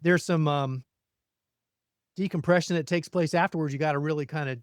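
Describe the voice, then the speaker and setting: A man's voice: on the high side, steady tone, fairly quick, no echo, studio quality. A man hosting a podcast, chatting casually and animatedly about his garden. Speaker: podcast host.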